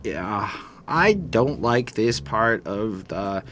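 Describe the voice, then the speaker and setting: A man's voice: on the low side, lively intonation, extremely slow. A young adult man hosting a casual album-review podcast, laid-back and joking, swearing freely. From Canada. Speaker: podcast host. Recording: clear background noise.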